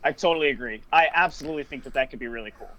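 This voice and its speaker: A man speaking as a guest on a casual gaming podcast, relaxed and agreeable. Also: medium pitch, rapid-fire, low-quality recording.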